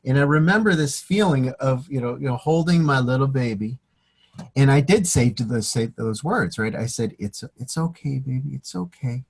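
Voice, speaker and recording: A man's voice: mid-range voice, moderate pace, breathy edge. A man co-hosting a casual chat, speaking reflectively and affirming his partner. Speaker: co-host.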